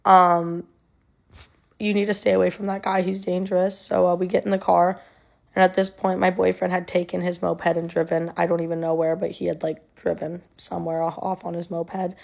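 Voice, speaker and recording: A woman's voice: fairly low pitch, flat delivery, moderate pace, gravelly, darkish tone. A young woman telling a personal story in a conversational way, with many ums and likes, her voice sounding emotional and near tears.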